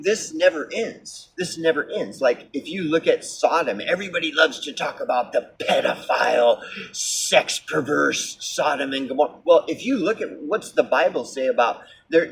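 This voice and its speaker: A man with a slightly raised pitch rants in a heated, sarcastic monologue, tossing in profanity and loose fillers. He sounds set back from the microphone, and a faint hiss runs underneath. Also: fairly bright tone. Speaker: vlogger. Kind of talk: ranting monologue. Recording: distant mic with faint background hiss.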